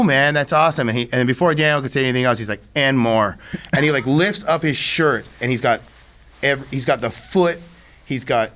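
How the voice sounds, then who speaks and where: A man's voice: medium pitch, sharp tone. A man telling a story in a casual interview, rambling with many restarts and asides. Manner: rambling, many restarts and "you know what I mean". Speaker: filmmaker guest.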